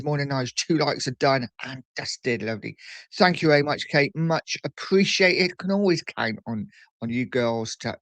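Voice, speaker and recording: A man's voice: on the high side, fairly bright tone, no echo. A man hosting a casual morning livestream, chatting and reading out viewer messages at a desk mic. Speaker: livestream host. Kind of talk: casual live chat.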